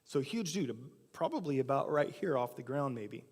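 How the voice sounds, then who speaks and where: The pastor's voice is mid-range and darkish, with lively intonation at a moderate pace, echoing through the church hall's long reverb. Preaching in the sanctuary, he tells a casual story and performs the quotes himself.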